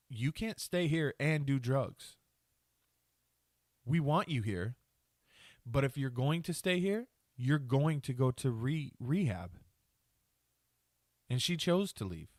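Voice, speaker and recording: A man's voice: mid-range voice, expressive, slow pace, long pauses, darkish tone, no echo, studio quality. A man hosting a podcast, ranting angrily and swearing a lot, trailing off and restarting his sentences. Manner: angry, profane ranting with rambling restarts. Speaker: podcast host. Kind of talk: solo podcast rant.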